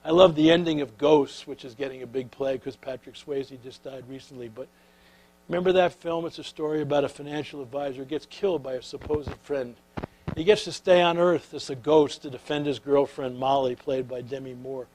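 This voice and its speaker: Guy telling stories to a crowd, mid pitch, gets soft and close, lots of uh's. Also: fairly quick, a little hiss or hum, low-quality recording. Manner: animated storyteller who turns soft and intimate; filler-heavy, with repeated "uh". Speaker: speaker. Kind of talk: storytelling talk.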